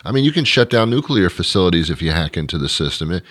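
A man with a lowish voice talks in a casual, wry way and pokes fun at his own cynicism. The sound is close and dead, with no room around him. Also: big pitch swings, fast talker, fairly bright tone, dry recording. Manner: dry, wry and self-mocking about his own cynicism. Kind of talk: casual chat.

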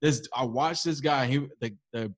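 A young man, co-hosting a casual podcast chat, swearing freely and telling animated stories. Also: mid-range voice, moderate pace, no echo. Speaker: podcast co-host.

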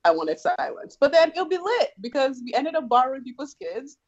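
A woman's voice: sits high, animated, fairly quick, highs cut off. A woman co-hosting a casual podcast chat, sassy and jokey. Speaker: podcast co-host.

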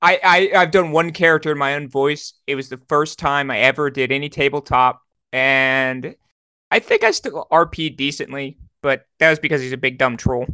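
Man, smooth and bright voice, measured and thoughtful, dry close sound. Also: medium pitch, dry recording. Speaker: podcast co-host. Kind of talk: casual chat.

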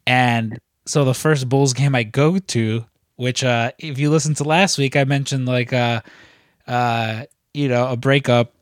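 A young man co-hosts a podcast in loose, profane chat, piling up fillers as he tells stories. His voice sits in a middle pitch and the recording is dry and close, with no room sound. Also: fairly even intonation, a little slow, no room sound. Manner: rambling, profane storytelling with frequent fillers. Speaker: podcast co-host. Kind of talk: casual chat.

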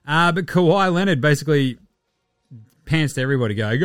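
A man's voice: on the high side, animated, a little fast, pauses often, fairly bright tone, dry recording, clean studio sound. A man with an Australian accent hosting a casual, rambling chat with lots of swearing and chuckling asides. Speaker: podcast host.

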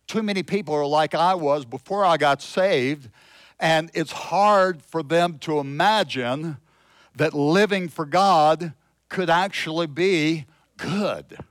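A man preaching a sermon, slow and emphatic, swinging from loud exclamations to hushed storytelling. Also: fairly high pitch, no room sound, clean studio sound. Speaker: pastor.

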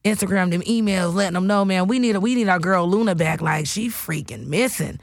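Woman hosting a weed radio show, loud and cussing a lot, hyped up, just chatting. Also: medium pitch, a little fast, no room sound, clean studio sound. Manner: loud, profane, hyped, playful. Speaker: podcast host. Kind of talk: casual radio show chat.

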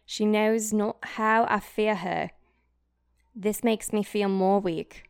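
A woman reading diary entries in a put-on British accent, voicing a fearful, brooding teenage girl in a slow, earnest, intense way. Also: medium pitch, fairly even intonation, creaky, smooth, no echo, studio quality. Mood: despairing.

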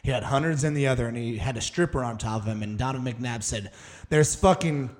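A man's voice: mid-range voice, quick pace. Guy telling long rambly stories on a podcast, swears a lot, does everyone's lines. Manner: rambling, profane storyteller, acts out quotes. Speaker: podcast co-host. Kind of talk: casual chat, storytelling.

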